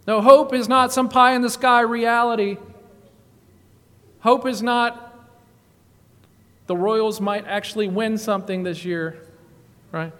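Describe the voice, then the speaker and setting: High-voiced man preaching in a reverberant hall. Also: measured pace, long pauses. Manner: swings between loud emphatic exclamations and low hushed passages. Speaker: guest preacher. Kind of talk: sermon. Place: church sanctuary.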